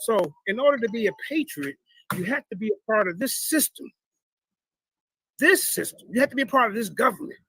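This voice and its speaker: A man taunts his opponents in live commentary on debate clips, boastful and repetitive, calling out to his viewers. His voice sits high and lively, swooping up and down with a gravelly edge. He sounds cocky and relentless. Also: a little fast, slight background noise. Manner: boastful, mocking, repetitive, addresses chat as "y'all". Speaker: streamer reacting to debate clips. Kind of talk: trash-talking live commentary.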